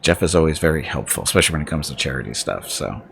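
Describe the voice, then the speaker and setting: A man's voice: extremely low pitch, animated, rapid-fire, gravelly, fairly bright tone, faint music behind. A man streaming a game, chatting in a laid-back, joking way and chuckling often. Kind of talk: casual gaming livestream chat.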